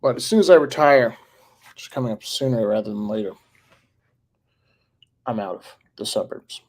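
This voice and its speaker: A man's voice: on the low side, animated, moderate pace, a little mellow. A man in his forties talking casually on a live stream, answering viewer comments in a rambling way with fillers and chuckles. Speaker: livestreamer reading viewer comments.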